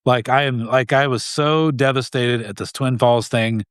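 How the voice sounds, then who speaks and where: A man talking as an interview guest in an earnest, heated way, often breaking off and restarting his sentences. His voice sits at a middle pitch. The room is dry, with no echo. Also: steady tone, normal speed, smooth. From Idaho. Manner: earnest and heated, with frequent restarts and short laughs. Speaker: guest, gun rights group president. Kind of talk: casual interview talk.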